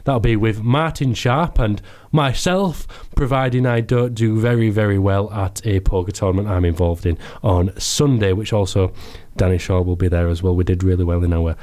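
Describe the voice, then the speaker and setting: A man's voice: lowish voice, moderate pace, few pauses, darkish tone. A man hosting a casual sports chat on hospital radio, jokey and tripping over his words. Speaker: sports show host.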